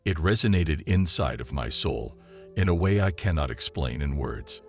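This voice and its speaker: A man narrating a listener's written story in the first person, in a calm and measured reading style. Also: rumbling low, vocal fry. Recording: soft music behind the voice.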